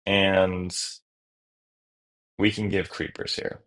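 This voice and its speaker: A man streaming a card game, talking through each move out loud in a casual, self-correcting way. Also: low voice, little pitch movement, takes it slowly, poor audio. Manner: thinks aloud through each move, casual, trailing restarts. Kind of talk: live-stream gameplay commentary.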